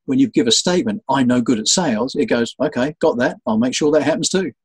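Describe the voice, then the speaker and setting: A man's voice: mid-range voice, quick pace, breathy edge, no echo, rough recording. A man being interviewed as a sales trainer, telling stories animatedly and acting out the voices of the people in them. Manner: animated storyteller, acts out quoted voices. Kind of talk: conversational interview.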